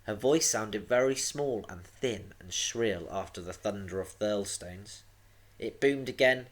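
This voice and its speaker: A man, a teacher, reading a storybook aloud to young pupils with a dramatic, expressive delivery. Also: on the low side, unhurried. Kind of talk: storybook read-aloud for children.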